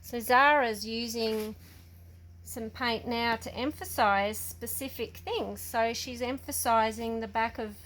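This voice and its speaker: A woman leads a hands-on ceramics class, explaining each step patiently as she guides children. Her voice sits a little high, and she speaks slowly and unhurriedly. A faint background hiss runs under the recording. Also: fairly even intonation, a bit bright. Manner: patient, explanatory, talks to children while demonstrating. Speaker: ceramics workshop instructor. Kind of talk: casual hands-on demonstration.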